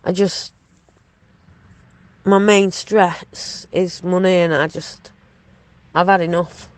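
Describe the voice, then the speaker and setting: A woman's voice: on the low side, steady tone, slow pace, dry recording. A woman venting her frustration, swearing often and hesitating with many ums. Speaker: woman speaking about her partner in a recorded clip. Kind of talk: venting monologue.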